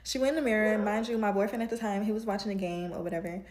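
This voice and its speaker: A woman who does hair from home, telling an animated storytime to camera. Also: mid-range voice, rapid-fire, echoey room. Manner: animated, builds to heated retelling. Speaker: home-based hairstylist.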